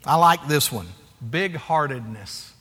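A man in his forties preaches with a bright, forceful, fairly high voice. He is animated and self-deprecating, acts out little scenes and calls for amens. The sound carries a long, echoey hall reverb. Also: measured pace, husky. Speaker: pastor. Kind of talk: sermon.

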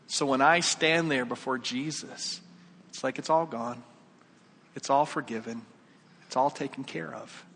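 Bright-voiced man preaching in a reverberant hall. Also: on the high side. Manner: storytelling, acts out dialogue, grows animated. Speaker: pastor. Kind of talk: sermon.

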